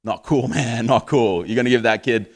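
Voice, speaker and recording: Onstage, a stand-up comic with an Australian accent, a man in his thirties, rambles through crude material and laughs at his own lines. He speaks with a medium pitch at a moderate pace.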